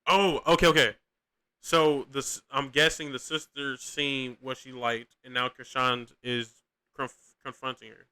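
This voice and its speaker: A man's voice: medium pitch, fairly even intonation, measured pace, pushed and bright, smooth. A young man hosting a podcast, giving casual, profane, rambling reaction commentary with lots of slang and restarts. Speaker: podcast host reacting to clips.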